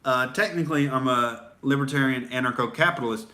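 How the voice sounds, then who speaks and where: A man's voice: mid-range voice, fairly quick, few pauses, pushed and bright. A young man hosting a profane, sarcastic political rant, rambling with fillers. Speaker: comedian host. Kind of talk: ranting livestream commentary.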